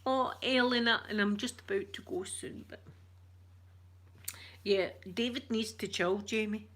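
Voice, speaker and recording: A Scottish woman chatting with her viewers on a live stream, switching between whispers and soft talk. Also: mid-range voice, a little slow. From Scotland. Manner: uses Scottish words like wee.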